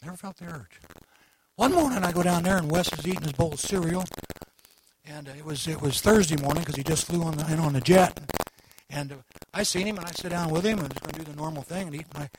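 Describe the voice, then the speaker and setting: A man preaching a sermon, telling a folksy story that swells into loud exhortation. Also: a little high, fast, a crowd in the background, poor audio. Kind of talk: sermon testimony.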